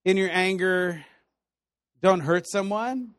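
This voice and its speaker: A man preaching a sermon in a conversational, animated storytelling way, laughing now and then. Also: high voice, takes it slowly, dry recording. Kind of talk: sermon teaching.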